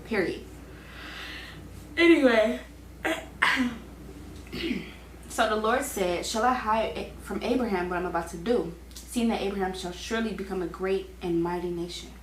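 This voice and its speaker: A woman's voice: medium pitch, unhurried, long pauses. A young woman reads the Bible aloud casually, stopping for chatty, slangy asides as a Bible reading host. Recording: echoey room with faint background hum.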